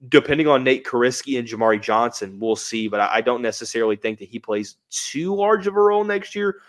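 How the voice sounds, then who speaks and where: A man hosting a live sports podcast, giving analysis in a conversational way and thinking aloud with hedges. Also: mid-range voice. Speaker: podcast host.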